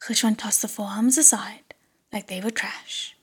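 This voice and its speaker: A woman's voice: mid-range voice, steady tone, moderate pace, faint music behind. A woman narrating an audiobook chapter in a whispered role-play. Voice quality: breathy whisper.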